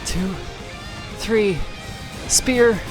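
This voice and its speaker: Slow-talking, jittery gameplay commentator. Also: medium pitch, faint music behind. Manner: jittery, panicky reactions with nervous laughs; counts attack timings aloud. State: catching their breath. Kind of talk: live gaming commentary.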